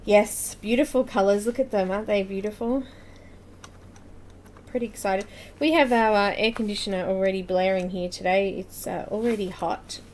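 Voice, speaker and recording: A woman's voice: mid-range voice, steady tone, moderate pace, darkish tone, a little hiss or hum. Chatty woman hosting a live coloring stream. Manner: chatty, laughs often, greets viewers by name. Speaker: coloring tutorial host. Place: home room with air conditioner running.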